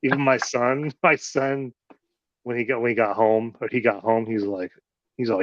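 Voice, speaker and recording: A man's voice: fairly low pitch, normal speed, no room sound. A man hosting a casual chat, rambling and swearing freely. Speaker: host. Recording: dull lo-fi audio.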